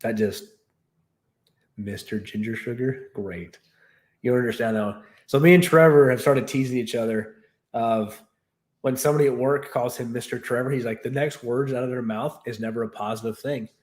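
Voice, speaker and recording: A man's voice: mid-range voice, normal speed. A man casually chatting on his livestream, rambling and laughing as he tells stories. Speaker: streamer and host. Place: new home in Texas.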